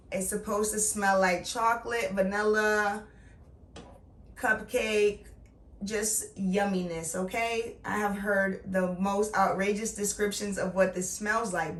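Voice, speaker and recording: Middle-aged woman vlogger, playful and punchy, bright tone, roomy sound. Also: medium pitch, distant mic. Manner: chatty, playful and emphatic. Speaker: beauty vlogger. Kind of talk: casual product review. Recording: echoey room, voice off-mic.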